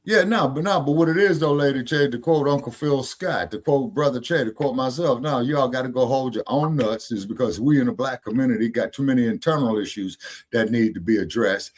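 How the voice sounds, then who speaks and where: A man hosting a casual podcast discussion, talking emphatically, repeating points and checking his listeners follow him. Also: medium pitch. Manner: emphatic, preachy, repeats himself and asks "you see what I'm saying?". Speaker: podcast host.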